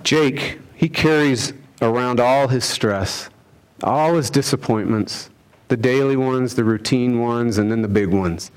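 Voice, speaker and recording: A man delivers a sermon in a mid-range voice. He presses his points with rhetorical questions. He rises to loud emphasis and then drops to hushed lines. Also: mid-range voice, measured pace, clear, resonant tone. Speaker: pastor.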